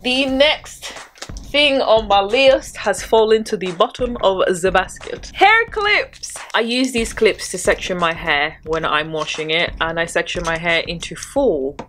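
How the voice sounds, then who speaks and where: A woman's voice: on the low side, moderate pace, few pauses, a bit bright, faint music behind. A woman chatting casually about hair care tools, with rambling, self-deprecating asides. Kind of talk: casual chat.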